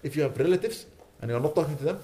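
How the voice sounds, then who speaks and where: A man's voice: a little high, expressive, rapid-fire, mellow. A man giving an earnest sermon, pleading with his listeners and rising to indignant emphasis. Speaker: imam.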